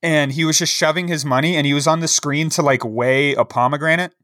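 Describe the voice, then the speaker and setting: A man's voice: on the high side, fairly even intonation, brisk, sharp tone, dry recording, studio quality. A man co-hosting a podcast, telling a rambling story in casual chat with lots of fillers and a wry tone. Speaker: podcast co-host.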